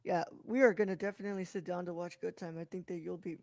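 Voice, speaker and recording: A woman's voice: fairly low pitch, fairly even intonation, quick pace, a crowd in the background. A woman co-hosting a podcast, reviewing a film in casual chat, rambling with many restarts and plenty of enthusiasm. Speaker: podcast co-host.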